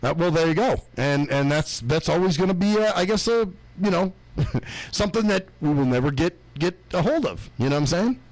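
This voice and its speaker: Lively high-voiced man arguing casually. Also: fairly quick, no room sound, poor audio. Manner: profane, defensive, trailing off in restarts. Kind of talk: heated casual chat.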